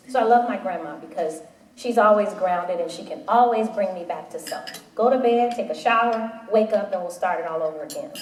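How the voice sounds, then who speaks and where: A woman in her forties giving a motivational talk to a live audience, telling animated stories and acting out the voices in them. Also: mid-range voice, brisk. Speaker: panel speaker. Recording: roomy hall audio from a distant mic.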